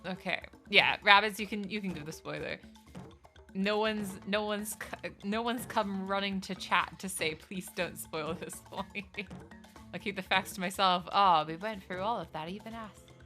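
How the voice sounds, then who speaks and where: A woman's voice: medium pitch, moderate pace, sharp tone, faint music behind. A young woman streaming a game live, rambling in casual, self-mocking chat with her viewers as she plays.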